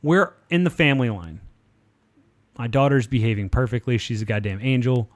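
A man in his thirties co-hosting a casual podcast, telling stories in a profane, animated way. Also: mid-range voice, moderate pace, dry recording. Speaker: podcast co-host. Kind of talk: casual chat, storytelling.

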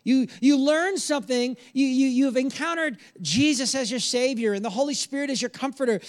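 A man in his thirties preaching a sermon as pastor, animated and joking, with sudden soft, earnest passages. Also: very high voice, a little fast.

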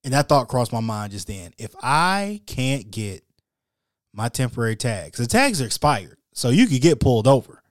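A male podcast host telling a story solo in a casual, animated, slangy and wry way. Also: mid-range voice, normal speed, no room sound, studio quality.

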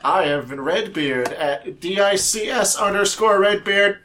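A man co-hosting a casual podcast, giggly and crude, his voice slightly hoarse. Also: high voice, lively intonation, unhurried, pushed and bright, a little hiss or hum. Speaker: podcast co-host. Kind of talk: casual chat.

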